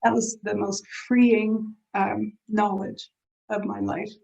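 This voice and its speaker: Gravelly-voiced woman giving an earnest talk. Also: medium pitch, level tone, dark tone. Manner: earnest, reflective, with pauses and restarts. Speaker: speaker on dementia caregiving. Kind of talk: heartfelt talk to an audience. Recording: dull lo-fi event recording.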